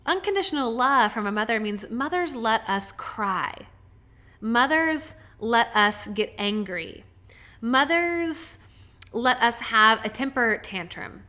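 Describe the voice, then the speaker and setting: A woman hosting a self-help podcast, speaking softly and earnestly, with slow stretched words. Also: a little high. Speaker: podcast host.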